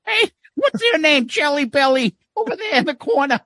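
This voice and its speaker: A man doing an impression of a brash male rock guitarist who loudly heckles kids in an audience. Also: extremely high pitch, big pitch swings, moderate pace, no echo, clean studio sound, pitched above the performer's own voice, exaggerated voice. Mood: mocking. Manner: loud heckling banter.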